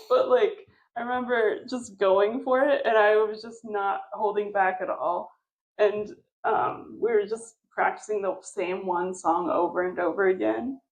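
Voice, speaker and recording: A woman's voice: medium pitch, steady tone, unhurried, rough recording. A woman telling a story in a casual chat, rambling with lots of fillers and laughter. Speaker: podcast co-host.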